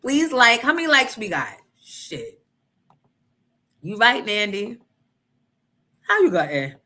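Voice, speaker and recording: A woman's voice: medium pitch, big pitch swings, slow, bright, forceful tone. A woman radio host telling a personal story in a brash, profane, emphatic way. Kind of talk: storytelling on a morning show.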